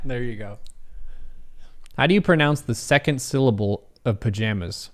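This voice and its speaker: A young man from the United States chats his way through an online quiz on a live stream. His pitch sits at an everyday middle level, and his delivery is loose and conversational. He reads each question aloud, jokes and throws in the odd swear word. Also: moderate pace, long pauses.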